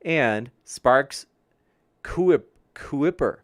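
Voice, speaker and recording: A fairly high-pitched man takes his time as he works through the live chat on his debate stream. The audio is clean studio sound with no room sound, and his manner is friendly and upbeat even as he stumbles over viewer names.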